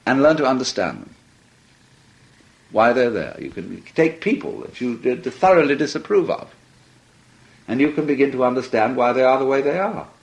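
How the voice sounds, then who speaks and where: Lively, musing man giving a talk. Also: mid-range voice, normal speed, creaky, long pauses, poor audio. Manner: musing, often laughing, lively storytelling. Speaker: speaker. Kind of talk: reflective lecture talk.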